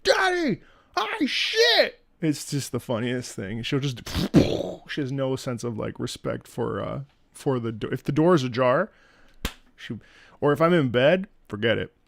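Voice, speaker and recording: Gravelly man chatting on a live stream. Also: mid-range voice, unhurried, no room sound, clean studio sound. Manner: chatty and animated, laughs often, many fillers. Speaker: streamer hosting a music listening stream. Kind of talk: casual live-stream chat.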